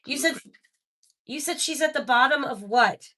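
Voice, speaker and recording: A woman hosting a live-stream spirit box session, excitable and talking straight to her viewers. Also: sits high, moderate pace.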